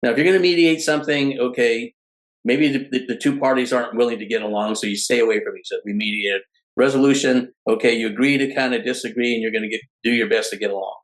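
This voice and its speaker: A man's voice: medium pitch, quick pace, poor audio. Middle-aged man telling stories animatedly. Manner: animated storyteller who restarts phrases often. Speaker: guest. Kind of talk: storytelling in a casual conversation.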